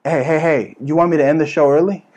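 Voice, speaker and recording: A man's voice: fairly high pitch, fairly even intonation, fast talker, a little mellow. A man hosting a comedy show with a brash, crude, ranting delivery. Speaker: host. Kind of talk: comedic political rant.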